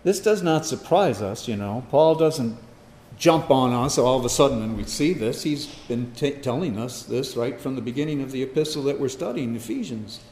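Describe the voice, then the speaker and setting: A man preaching an expository sermon, emphatic, swinging between loud stress and hushed asides. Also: mid-range voice, animated, moderate pace, slight background noise. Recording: echoey hall, long reverb.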